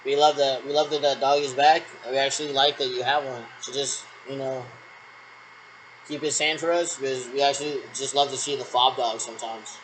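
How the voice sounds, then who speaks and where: A man's voice: mid-range voice, little pitch movement, a little fast, a bit bright, a little hiss or hum, low-quality recording. A man talking through rambling radio checks, repeating military radio jargon in a meandering, one-sided way.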